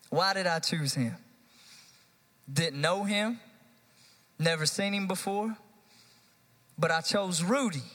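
An animated youth pastor preaching to his congregation, his fairly high voice climbing as he stacks up repeated phrases. The sound rings with a long reverb that carries across the church hall. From United States. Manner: animated, rising to emphatic repeated lines. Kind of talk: live sermon. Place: church sanctuary.

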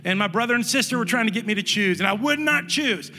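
A man preaching as a pastor, telling a childhood story with lively, animated delivery and acted-out family voices. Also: very high-pitched, fast talker, in a large hall. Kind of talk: sermon storytelling. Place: church sanctuary.

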